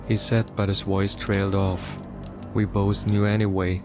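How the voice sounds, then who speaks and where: Male horror narrator, low register, somber, measured first-person reading. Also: little pitch movement, over music. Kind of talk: scripted horror story narration.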